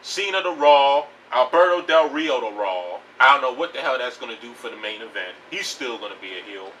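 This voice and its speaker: A man's voice: mid-range voice, expressive, brisk, a bit bright, far from the mic, rough recording. A man giving a blunt, profane, rambling rant about pro wrestling news in a casual home video. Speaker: wrestling vlogger.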